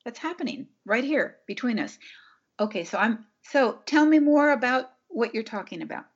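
A woman's voice: a little high, expressive, moderate pace, slightly rough, lo-fi sound. A woman giving relationship advice in casual conversation, emphatic and acting out what couples say to each other. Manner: emphatic, acts out couples' dialogue.

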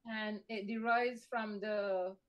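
A woman from Barbados with a Barbadian accent, co-hosting a livestream podcast and explaining local sayings in a relaxed, chatty way. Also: medium pitch, slow pace, dull audio. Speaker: podcast co-host. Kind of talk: casual livestream chat.

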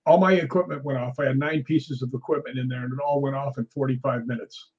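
A man, a guest ghost hunter, telling animated stories in a casual conversation. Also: mid-range voice, quick pace, husky, lo-fi sound. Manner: animated anecdotal storyteller.

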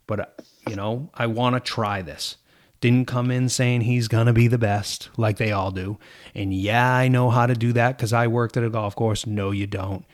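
A man's voice: mid-range voice, steady tone, moderate pace. A man who runs a golf course crew, talking bluntly in casual chat, swearing freely and acting out what he says to his workers.

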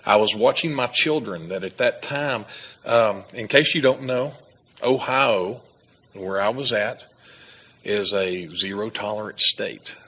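Man, lowish husky voice, earnest testimony teller, lots of restarts. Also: a little slow, pushed and bright, rough recording. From Texas. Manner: earnest storytelling with laughs and restarts. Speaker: guest. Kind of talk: personal testimony.

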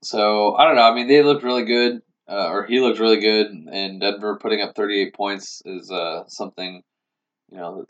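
Lower-voiced male sports podcast co-host. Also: steady tone, moderate pace. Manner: hesitant, searching with uh and you know. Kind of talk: casual sports analysis. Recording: dull lo-fi podcast audio.

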